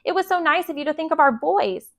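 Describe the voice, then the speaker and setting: A woman's voice: high-pitched, lively intonation, quick pace, fairly bright tone, voice pushed up. Woman playing young mother, gracious, coaxing, soothing, storybook.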